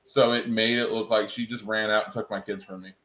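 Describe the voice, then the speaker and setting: A young man streaming from home, chatting casually with his viewers in an excitable, rambling way and laughing at himself. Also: fairly low pitch, a little fast, roomy sound, rough recording. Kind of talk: casual live-stream chat.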